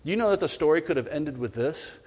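Animated male preacher in a reverberant hall. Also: on the high side, fairly quick, husky. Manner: animated, swings between loud emphasis and quiet asides. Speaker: pastor. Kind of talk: sermon.

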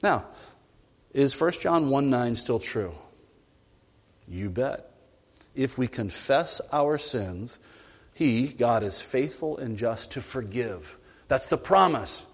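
Animated male preacher in a reverberant hall. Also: medium pitch, slow pace, long pauses, husky. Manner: animated, swings between loud emphasis and quiet asides. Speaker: pastor. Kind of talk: sermon.

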